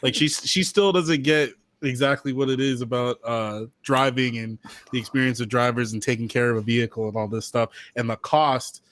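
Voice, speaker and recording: A man's voice: medium pitch, fairly even intonation, normal speed, a bit bright. A man co-hosting a podcast, chatting in an easygoing way. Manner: laughing, easygoing. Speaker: podcast co-host. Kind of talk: casual podcast chat.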